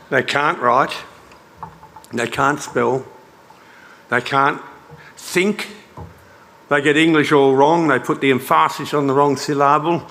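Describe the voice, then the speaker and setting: A man's voice: medium pitch, fairly bright tone, a little hiss or hum. An older Australian man giving a sardonic, mocking conference speech. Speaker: conference speaker.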